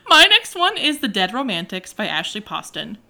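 This young woman's voice is bright and sharp, and it swoops high and low as she rants about a book she hated. She laughs a lot and talks in a casual, animated way, like she's chatting with a friend. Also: moderate pace, vocal fry. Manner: animated, laughing, ranting with mock outrage. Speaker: podcast co-host. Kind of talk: casual chat about books.

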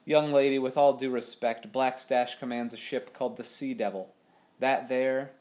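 A man reading aloud, voicing a rough, mocking male ship's mate in a raised, scoffing voice. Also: mid-range voice, fairly even intonation, normal speed, close to an everyday voice.

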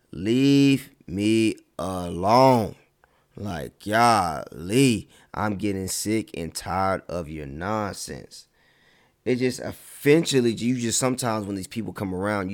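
Guy with kinda low voice ranting about haters, animated, drags out words to make a point. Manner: animated, drawn-out emphatic words, mock-quoting critics. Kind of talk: casual motivational talk.

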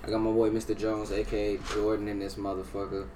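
A man's voice: lowish voice, monotone, quick pace, warm tone. Young man hosting a casual podcast. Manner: profane, laid-back banter. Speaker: podcast host. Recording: distant mic with background noise.

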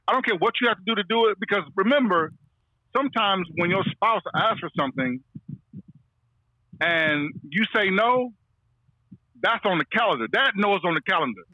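A man's voice: sits high, pushed and bright, no echo, lo-fi sound. A man in his fifties, a pastor, talking on a podcast in a rambling way, repeating phrases in a preacher's cadence. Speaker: pastor, guest. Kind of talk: relaxed podcast talk.

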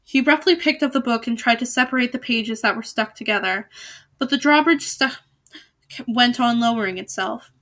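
A woman's voice: a little high, moderate pace, fairly bright tone. A woman reading a novel aloud in a casual way, with small slips and restarts. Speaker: reader.

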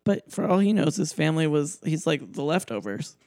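Low-voiced woman chiming in casually. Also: sing-song, a little fast, warm tone, no echo, studio quality. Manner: casual, chiming in with jokes and asides. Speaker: podcast co-host. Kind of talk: casual chat.

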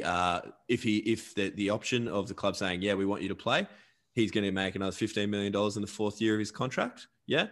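A man's voice: lowish voice, a bit bright. A man co-hosting a casual sports podcast, chatty and upbeat, reading sponsor plugs. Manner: upbeat, chatty, repeats catchphrases. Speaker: podcast co-host.

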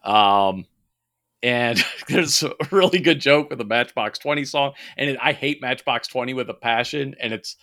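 Bright-voiced man in animated casual chat. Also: mid-range voice, moderate pace. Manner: animated, profane, laughing, many fillers and restarts. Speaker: podcast co-host.

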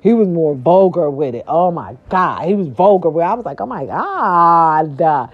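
Speaking a little fast with a breathy edge, a woman hosting a gossip talk show runs through a casual celebrity monologue. Her delivery is animated, sassy, slangy, and playful, with dramatic swings in pitch, captured on dull lo-fi audio.

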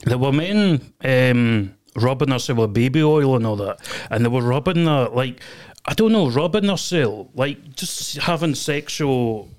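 A man's voice: mid-range voice, lively intonation, unhurried, a little mellow. Man, podcast guest, casual chat, rambling, repetitive. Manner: rambling storytelling, lots of fillers and repeats.

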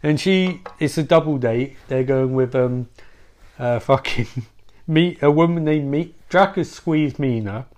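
A man's voice: medium pitch, measured pace, a little mellow. A man retelling a comic story in a rambling, profane, loose way.

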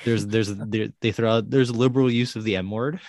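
A man's voice: on the low side, steady tone, fairly quick, darkish tone, dry recording, clean studio sound. A man co-hosting a casual movie review podcast, reading a plot summary and then giving blunt opinions. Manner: reads synopses, then blunt enthusiasm. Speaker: podcast co-host.

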